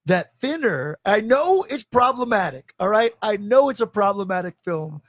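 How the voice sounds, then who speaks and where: Male podcast host, slightly high voice, dry close sound, casual chat, laughs a lot, swears. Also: very animated, normal speed, a bit bright, no room sound. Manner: laughs often, rambling and profane.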